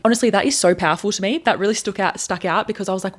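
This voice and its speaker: A woman's voice: medium pitch, quick pace, hardly any pauses. A young woman in her twenties talking candidly to camera in a confessional vlog, earnest and rambling as she reflects on herself. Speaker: content creator.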